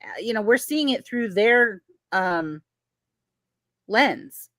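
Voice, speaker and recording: A woman's voice: medium pitch, animated, slow, a bit bright, no echo. Female livestream host, casual agreeable chat, dry close recording. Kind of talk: livestream discussion.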